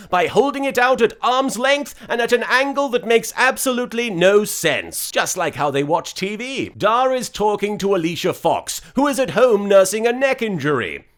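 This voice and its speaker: A man hosting a satirical wrestling recap, narrating with sarcastic, deadpan asides. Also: sits high. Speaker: host of a wrestling recap show.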